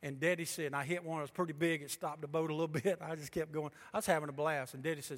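A man preaching a sermon as pastor, swinging between loud, emphatic declarations and hushed asides. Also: a little high, very fast, few pauses. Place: church sanctuary. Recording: long reverb of a large church hall.

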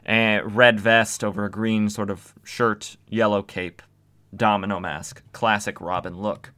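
Wry man with a bright, clear voice. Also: fairly low pitch, level tone, a little slow. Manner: wry, sarcastic asides. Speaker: podcast host recapping comics. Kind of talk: casual comic recap.

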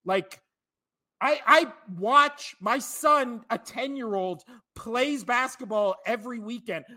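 Profane ranting high-voiced man. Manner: profane, shouting, exasperated ranting. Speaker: podcast co-host. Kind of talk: sports rant.

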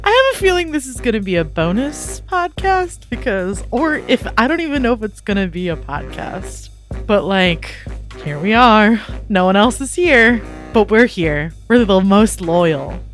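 A woman's voice: medium pitch, very animated, a little slow, soft background music. A young woman hosting a casual podcast chat, bubbly and talkative, laughing easily. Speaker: podcast host.

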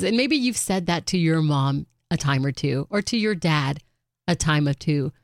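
A middle-aged woman talking earnestly and warmly about caring for her mother, with bright acted quotes here and there. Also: lowish voice, dry recording, clean studio sound. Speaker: caregiver sharing reflections. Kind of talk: personal reflective monologue.

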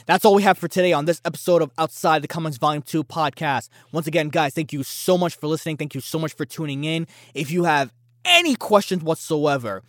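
A man's voice: on the high side, animated, a little fast, a bit bright, dry recording, clean studio sound. A man hosting a casual opinion podcast, talking in a brash, boastful and challenging way. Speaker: podcast host.

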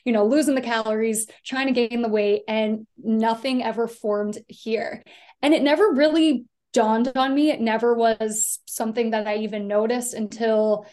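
A woman's voice: on the high side, a little mellow. Chatty woman with a raised voice. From Delaware, US East Coast. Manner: chatty, rambling, lots of "like" fillers. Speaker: podcast guest. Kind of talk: personal storytelling.

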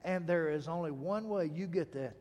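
A man preaching a sermon, telling a personal story with emphatic pauses and dramatic phrasing. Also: a little high, a little mellow, big-room sound. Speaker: pastor.

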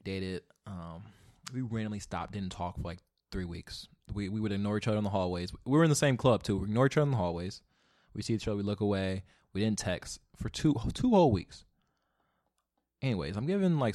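Solo podcast host, man in his twenties, low voice, rambling and profane, goes from mumbling to loud ranting. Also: animated, a little fast. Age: 20s. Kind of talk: casual solo podcast rant. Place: home, alone.

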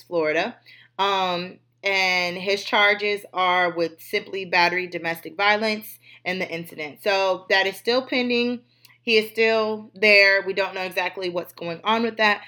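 A woman's voice: mid-range voice, bright, forceful tone. A woman hosting a gossip commentary show, talking bluntly and emphatically, with frequent swearing. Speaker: host.

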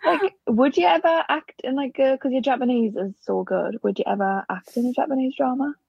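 A young woman with a Geordie accent, chatting shyly and laughing easily. Her voice sits a bit high but carries a gravelly, husky edge, recorded dry and close. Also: brisk, dry recording, highs cut off. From Newcastle area, England. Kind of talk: casual chat.

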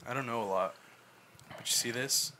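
A man playing a patient, steady therapist. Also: medium pitch, noisy background, pitched below the performer's own voice, lightly acted. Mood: gentle. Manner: slow, repeated, gentle insistence. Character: patient older male therapist, steady and firm. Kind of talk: fan reenactment of a film scene.

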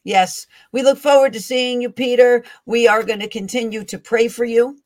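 A woman's voice: on the high side, fairly even intonation, moderate pace, darkish tone. A woman hosting a faith-based interview show, affirming her guest with frequent agreeing murmurs. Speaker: host.

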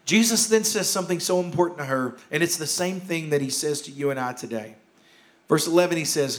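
A man preaching a sermon as pastor in a church, urgent and impassioned, repeating key phrases and dropping to hushed tones. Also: on the high side, fairly quick. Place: church sanctuary.

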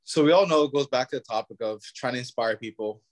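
A man's voice: mid-range voice, fast. A young man from Ontario, a podcast guest musing in easygoing casual chat. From Ontario, Canada.

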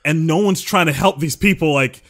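A man's voice: a little high, fairly bright tone. A young man hosting a casual podcast chat, blunt and profane. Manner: blunt, swearing, quick reactions and laughs. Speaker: podcast host.

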